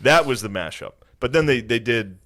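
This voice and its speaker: A male podcast host with a mid-range voice and moderate pace tells a story in casual chat. He is animated, acting out quotes and laughing a lot.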